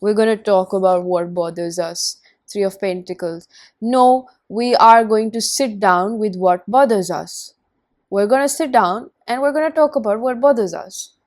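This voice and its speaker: A woman's voice: medium pitch, normal speed, darkish tone. Emphatic woman giving a tarot reading. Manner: emphatic, repeats phrases for stress. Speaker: tarot reader.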